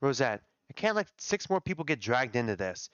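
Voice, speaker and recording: A man voicing a frightened, guilt-ridden young staffer who speaks in a hesitant, halting way. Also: mid-range voice, big pitch swings, a bit bright, clean tone, dry recording. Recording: dull lo-fi dry audio.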